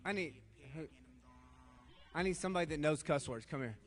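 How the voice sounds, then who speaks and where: A man's voice: on the high side, expressive, normal speed. An older man leading a youth group game, reading slang terms aloud, stumbling over them and laughing at himself. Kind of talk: playful group game in front of students.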